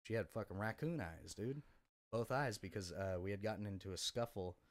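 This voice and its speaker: Blunt, profane low-voiced man. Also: fairly quick, dry recording, studio quality. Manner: blunt, profane storytelling with many fillers. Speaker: podcast guest. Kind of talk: candid casual conversation.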